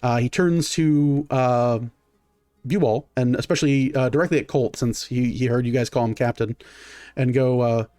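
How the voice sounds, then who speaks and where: A man narrating a tabletop game as game master, in a halting way with many fillers and restarts. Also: mid-range voice, fairly even intonation, warm tone, faint music behind.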